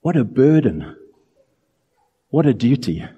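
A man preaching a sermon in an earnest, emphatic way, drawing out key phrases slowly. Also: medium pitch, sing-song, warm tone, breathy edge, in a large hall, highs cut off.

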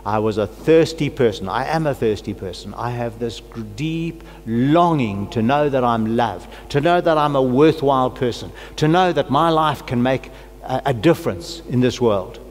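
Earnest pastor preaching in a reverberant hall. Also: male voice, mid-range voice, lively intonation, normal speed, few pauses. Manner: earnest, personal preaching with rising fervent prayer. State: has a cold. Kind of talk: sermon. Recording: long hall reverb, faint hum.

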